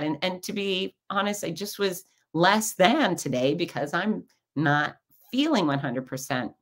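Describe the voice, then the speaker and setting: A woman's voice: lowish voice, normal speed. A middle-aged woman hosting her own podcast, telling stories in a chatty, casual way and acting out what people said. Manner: chatty storytelling with lively quoted asides. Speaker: podcast host. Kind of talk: casual monologue.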